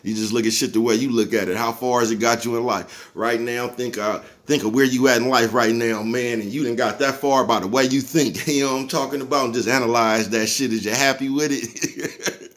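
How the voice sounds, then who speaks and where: A man's voice: mid-range voice, fairly even intonation, a little fast, a bit bright. A man giving a casual motivational monologue as a vlogger, laid-back and profane, chuckling often and checking in with his listeners constantly. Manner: laid-back, chuckles often, keeps asking "you know what I'm talking about?"; profane, preachy street talk.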